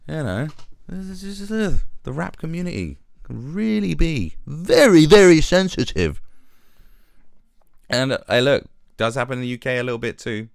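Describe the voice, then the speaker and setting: A man's voice: fairly high pitch, very animated, normal speed, gravelly, dry recording, studio quality. A British man hosting a live stream, ranting sarcastically and mocking in casual commentary.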